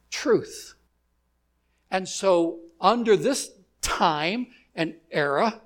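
Slow, emphatic male preacher. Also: high-pitched. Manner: measured, emphatic preaching with deliberate pauses, ending in prayer. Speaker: pastor. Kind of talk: sermon. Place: church gathering.

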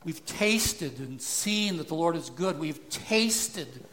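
Man, preacher, measured slow sermon, earnest, slightly higher pitch. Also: animated, a bit bright. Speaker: pastor. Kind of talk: expository sermon.

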